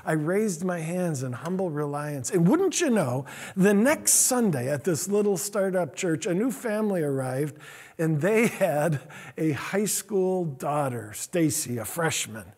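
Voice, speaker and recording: Pastor, man, middle-aged: earnest self-deprecating sermon storyteller, raspy and high-voiced. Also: expressive, unhurried, darkish tone. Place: church sanctuary.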